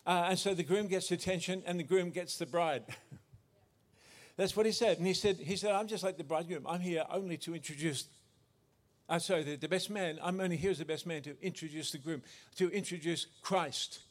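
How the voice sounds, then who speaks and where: A man's voice: high voice, normal speed. A man preaching a sermon as pastor, earnest, often restarting and correcting himself.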